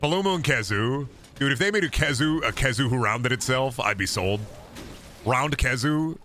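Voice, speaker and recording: Lively, bright-voiced male streamer. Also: medium pitch, normal speed, a little hiss or hum. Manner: animated, profane, chatting with viewers. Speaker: game streamer. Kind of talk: casual gaming stream commentary.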